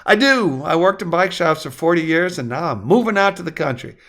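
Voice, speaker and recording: A man's voice: a little high, lively intonation, a little fast, a bit bright, voice pushed up. A man doing a genial older man, cheerful and chatty. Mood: friendly.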